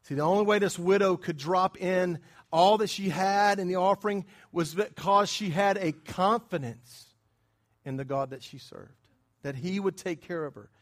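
Preaching in a notably high voice, this man engages his congregation conversationally, checking in with quick questions. He sinks to near whispers for hushed asides, then rises into loud, emphatic bursts.

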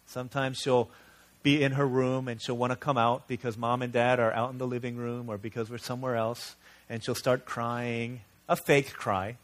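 A male pastor preaches in an earnest, conversational storytelling manner. His voice sits at an ordinary middle pitch, and he shifts easily between lively family anecdotes and quieter, serious points. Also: normal speed. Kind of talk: sermon.

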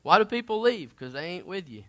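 A man preaching a sermon in a conversational style, moving between loud emphatic bursts and quiet asides. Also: high-pitched, sing-song, a little fast.

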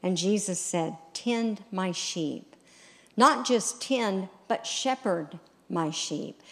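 A middle-aged woman preaching a sermon, telling a story slowly and deliberately and voicing quoted lines. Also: on the low side.

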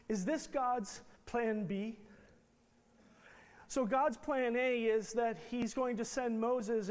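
A male pastor preaching a sermon in a conversational way, full of rhetorical questions and restarted phrases. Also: high-pitched. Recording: long reverb in a large hall.

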